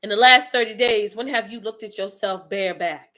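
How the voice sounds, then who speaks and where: A woman's voice: medium pitch, fairly quick, sharp tone. A woman giving a fiery motivational monologue, blunt and profane, calling out her listeners directly and preaching tough love. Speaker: motivational speaker.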